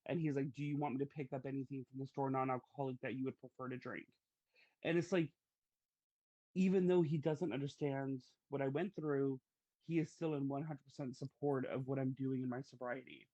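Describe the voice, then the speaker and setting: A man's voice: medium pitch, steady tone, brisk, dark tone, no echo, dull audio. A man hosting a podcast, telling stories in a chatty, casual way. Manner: chatty, storytelling, uses fillers. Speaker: podcast host. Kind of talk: casual conversation.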